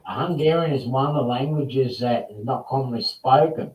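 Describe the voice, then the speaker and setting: A chatty man hosting a relaxed online hangout, rambling through his stories with plenty of restarts. His voice sits at an ordinary middle pitch. He sounds set back from the microphone in a roomy, echoing space. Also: moderate pace. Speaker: host. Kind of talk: casual chat. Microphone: video call. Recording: roomy distant mic.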